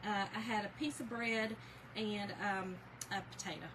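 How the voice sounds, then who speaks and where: A chatty woman with a Southern US accent hosts a crafting livestream, talking straight to her viewers in a folksy, easygoing way and laughing often. A steady hum of background noise sits clearly under her voice. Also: mid-range voice, moderate pace. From Georgia, US South. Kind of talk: casual livestream chat.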